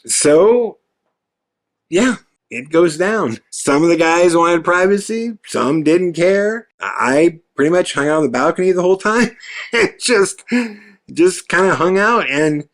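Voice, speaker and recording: A man hosting a podcast, telling a story in an animated, profane way and acting out quoted lines. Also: sits high, a little slow. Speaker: podcast host. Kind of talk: storytelling monologue.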